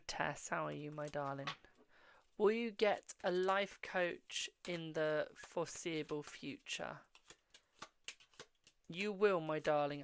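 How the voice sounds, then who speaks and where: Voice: mid-range voice, gravelly, fairly bright tone, slight background noise. A host reading tarot on a live stream, answering viewers' questions, calling them "my darling" and murmuring while drawing cards. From England.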